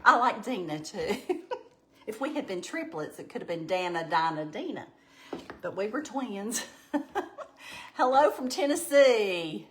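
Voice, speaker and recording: A woman's voice: mid-range voice, sing-song, unhurried, a bit bright, poor audio. A woman with a Southern US accent hosting a live cooking stream from her home kitchen, folksy and chatty, greeting viewers and reading their comments aloud, sounding tired. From Alabama. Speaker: cooking show host.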